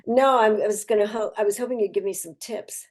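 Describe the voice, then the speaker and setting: An older actress talking as an interview guest, effusive and heartfelt, chatty with frequent restarts. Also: female voice, mid-range voice, quick pace, darkish tone. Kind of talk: casual interview chat.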